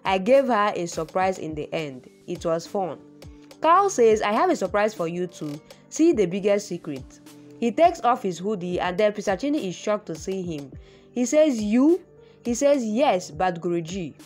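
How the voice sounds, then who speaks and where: A woman narrates a TV drama's episode in plain, slightly broken English, stringing events together with "then he says." Her pitch moves lively up and down at a middling level. Soft music plays faintly behind her. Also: normal speed. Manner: chains events with "then she says", quoting each character flatly. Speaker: narrator retelling a TV serial's episode. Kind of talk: casual plot recap read aloud.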